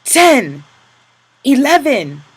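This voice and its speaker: A man's voice: fairly high pitch, moderate pace, husky, low-quality recording. A man voicing a cold, brutal camp boss. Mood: barking. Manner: cold, menacing orders turning to loud barked shouts. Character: cruel, cold male camp work boss.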